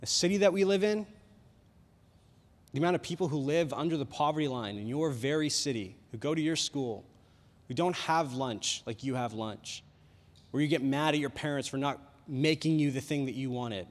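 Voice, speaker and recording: A man's voice: a little high, moderate pace. A man, a youth pastor, giving a casual sermon. He rambles and fills his talk with "like". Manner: animated, rambling, heavy use of "like". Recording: long reverb of a large hall.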